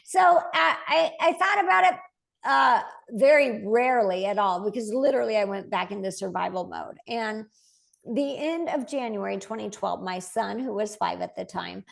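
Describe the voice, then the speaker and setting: Animated storytelling woman with vocal fry. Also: medium pitch, normal speed. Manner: animated, quotes voices as she tells stories, laughs lightly. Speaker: medium, interview guest. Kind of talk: conversational storytelling.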